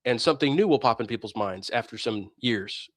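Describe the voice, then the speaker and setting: A man's voice: mid-range voice, expressive, a little fast, no room sound, clean studio sound. A man hosting a religious debate stream, delivering a heated, scornful and preachy monologue that mocks his opponents. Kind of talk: ranting monologue.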